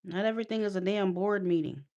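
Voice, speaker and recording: A woman's voice: mid-range voice, quick pace, darkish tone, highs cut off. A woman giving a casual live tarot reading, sassy and teasing, scolding her viewers and laughing often. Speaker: tarot reader.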